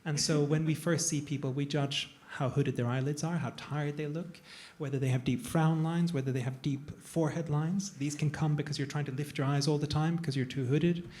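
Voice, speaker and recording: A man's voice: on the high side, steady tone, brisk, hardly any pauses, a little mellow. A man, a plastic surgeon, talking casually on a panel to a live audience, digressive and self-deprecating. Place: event room with an audience.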